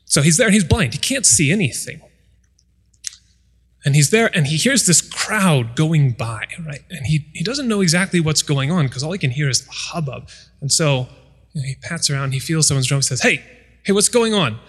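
A man's voice: on the high side, expressive, moderate pace, fairly bright tone, slightly rough, long reverb tail. A man preaching a sermon, retelling scripture stories and acting out the people in them. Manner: storytelling, acts out voices of the people in the story. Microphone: microphone.

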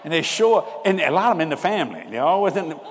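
An older man preaching a humorous storytelling sermon in a folksy way. He laughs often and swings between loud bursts and hushed asides. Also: on the high side, sing-song, racing. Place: church hall. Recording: hall reverb with faint background noise.

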